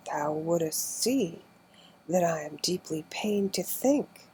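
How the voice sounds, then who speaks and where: A woman reading the lines of a sad, solemn little male courtier in a low, musical voice with formal, old-fashioned speech, in an audiobook. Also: a little mellow, slight background noise, poor audio. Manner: archaic formal speech, mournful.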